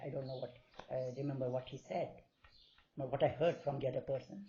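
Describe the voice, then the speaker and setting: A man telling stories to a small group in a gentle, unhurried way, acting out the voices in them. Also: mid-range voice, steady tone. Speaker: speaker sharing stories of his spiritual master. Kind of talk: informal storytelling talk to a small group. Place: meeting hall. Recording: dull lo-fi recording.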